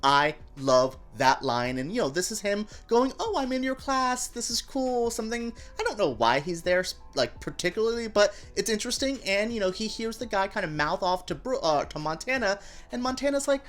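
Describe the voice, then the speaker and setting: Animated gossipy woman reviewing TV. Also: medium pitch, fairly quick, faint music behind. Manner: animated, gossipy and campy, with playful voices for quotes. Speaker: TV review show host. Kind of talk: casual TV review vlog.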